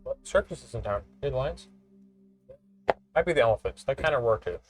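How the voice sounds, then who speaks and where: A man's voice: mid-range voice, expressive, brisk, faint music behind. A man playing a tabletop game, making offhand jokes in casual chat. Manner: joking, offhand remarks.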